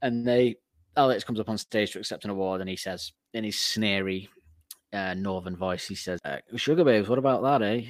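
A man with a fairly low voice co-hosts a casual music podcast, talking in a chatty, joking way with frequent laughs. The sound is close and dry, with no room echo. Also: steady tone, normal speed. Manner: chatty, laughs often, jokey asides. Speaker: podcast co-host.

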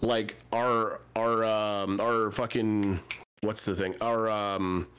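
A man's voice: lowish voice, level tone, slow, a bit bright, a little hiss or hum. A man co-hosting a podcast in casual chat, rambling and searching for words, swearing freely. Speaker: podcast co-host.

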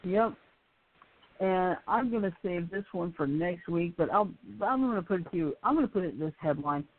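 A woman's voice: fairly low pitch, moderate pace. A woman co-hosting a casual talk show, chatting and reading out the show's sign-off in an upbeat way. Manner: lively, upbeat delivery. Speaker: co-host. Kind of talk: casual chat, signing off the show. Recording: phone-line internet radio call.

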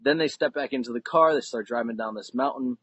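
Earnest guy telling a story on a podcast, kinda husky voice, dry close mic, builds suspense as he goes. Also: mid-range voice, fast talker, fairly bright tone, dry recording, dull audio. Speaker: podcast guest. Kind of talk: conversational storytelling.

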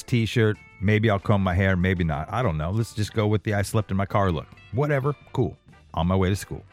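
A man in his forties hosting a podcast, talking in a rambling, self-deprecating monologue full of restarts. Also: mid-range voice. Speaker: podcast host. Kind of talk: casual monologue.

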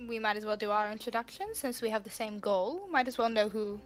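A woman's voice: medium pitch, brisk, soft background music, lightly acted. A woman playing a blunt horned adventurer. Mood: businesslike. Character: blue-skinned horned young woman adventurer, forthright.

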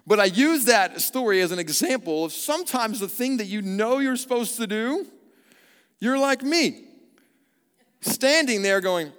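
A fairly high-voiced male pastor preaching in a church, his voice ringing out with long reverb around it. He tells his story with lively energy and drops to a hushed, slow tone when he prays. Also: clear, resonant tone. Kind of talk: sermon with storytelling and prayer. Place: church auditorium.

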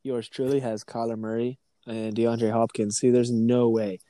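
A man's voice: medium pitch, level tone, normal speed, warm tone, no echo. Cocky guy bragging on a podcast, swears a lot, dry close mic. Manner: cocky, swears, laughs easily. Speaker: podcast co-host. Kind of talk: casual podcast banter.

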